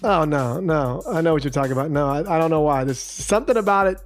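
A man co-hosting a podcast in casual chat, animated and quick to laugh. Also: on the high side, soft background music. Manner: laughs easily, animated storytelling. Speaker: podcast co-host.

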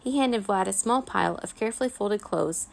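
A woman reading a children's chapter book aloud as a bedtime story, in a gentle, expressive way. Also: mid-range voice, brisk, vocal fry.

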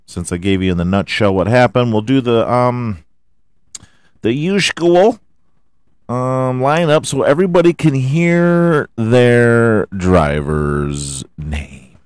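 A man's voice: medium pitch, takes it slowly, darkish tone, clear, resonant tone, dry recording, clean studio sound. A man hosting a casual solo podcast, rambling and joking with plenty of swearing. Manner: rambling, profane, jokey. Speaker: podcast host.

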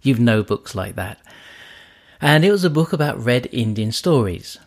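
A man teaching through stories as a trainer, relaxed and speaking straight to the listener. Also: medium pitch, normal speed. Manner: relaxed storyteller, addresses the listener. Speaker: trainer, podcast host. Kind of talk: storytelling lesson.

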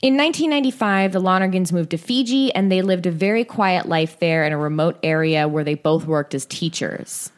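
Chatty young woman podcast host, lowish voice. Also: a little fast, few pauses. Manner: chatty, many likes and restarts. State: tired. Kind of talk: casual true-story podcast chat.

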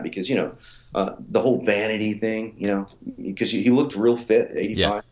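A man's voice: fairly low pitch, steady tone, brisk, a little mellow, echoey room. A man in his forties, a fitness author and coach, telling stories in a casual interview with many fillers and repeated words. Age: 40s.

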